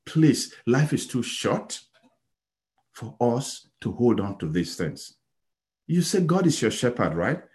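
A man from Nigeria preaching a sermon, telling a story with sudden loud exclaims and soft pleading passages. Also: medium pitch, very animated, slow.

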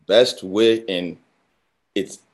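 A man preaching a sermon, emphatic, building phrases through repetition and swinging between loud and quiet. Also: on the low side, drawn-out words. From Nigeria. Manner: emphatic, with rising and falling intensity and repeated phrases.

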